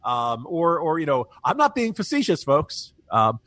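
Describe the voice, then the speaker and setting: A man's voice: on the high side, huge pitch swings, a little slow, fairly bright tone, dry recording. A man co-hosting a political talk podcast, chatting wryly and often laughing at his own jokes. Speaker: podcast co-host, political commentator. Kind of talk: casual political chat.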